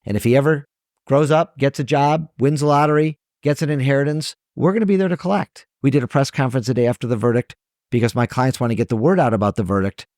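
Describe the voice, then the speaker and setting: Earnest trial lawyer, dry close sound. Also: male voice, medium pitch, a little mellow, no echo. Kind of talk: podcast interview.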